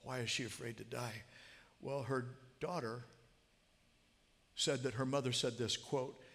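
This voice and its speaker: A man's voice: medium pitch, fairly even intonation, measured pace, a bit bright. A man telling a story in a sermon, earnest and growing emphatic as he quotes. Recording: long hall reverb.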